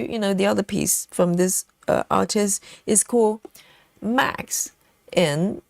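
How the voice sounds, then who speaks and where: A woman's voice: fairly high pitch, vocal fry, dry recording, studio quality. A woman hosting a live cross-stitch stream, chatting casually, laughing often and thinking aloud as she stitches. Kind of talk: live stitch-along chat.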